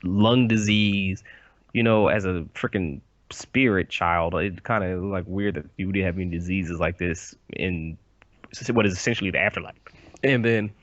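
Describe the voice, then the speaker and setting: A man's voice: sits low, normal speed, dry recording. Rambling man, dry dull call audio. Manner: rambling, filler-heavy, emphatic. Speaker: podcast co-host. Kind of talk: casual podcast discussion. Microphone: computer mic over a voice call.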